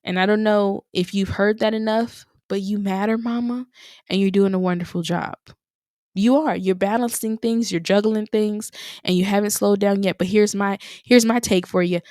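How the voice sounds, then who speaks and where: A woman's voice: medium pitch, a little mellow, no room sound, studio quality. A young woman hosting a podcast on her own, talking in an encouraging way and repeating phrases for emphasis. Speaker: podcast host. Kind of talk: motivational solo podcast talk.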